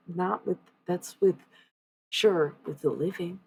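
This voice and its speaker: A woman talks loosely to her stream viewers while she reads oracle cards. Her voice sits low and carries a gravelly fry, and she drops the odd curse word. A faint hiss of noise sits under it. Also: slow pace, pauses often, darkish tone, poor audio. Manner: loose and chatty, with many fillers and blunt swearing. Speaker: livestreamer giving oracle card readings. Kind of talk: casual live-stream chat with viewers.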